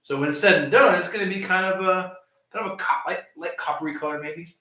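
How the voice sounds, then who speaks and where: A man co-hosting a home brew stream, calmly explaining his recipe step by step. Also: high voice, fast. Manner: easygoing, explains step by step with fillers. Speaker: homebrewer co-host of a live stream. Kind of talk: casual explaining chat. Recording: echoey and distant, light hiss.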